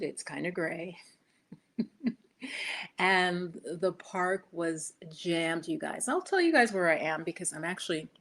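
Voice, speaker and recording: A woman with a slightly low voice hosts a yoga live stream from her laptop. She talks in a loose, chatty way, wandering off topic and poking fun at herself. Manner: chatty, rambling, laughs at herself. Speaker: yoga and meditation host. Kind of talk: casual live-stream chat. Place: indoors, home set-up with laptop.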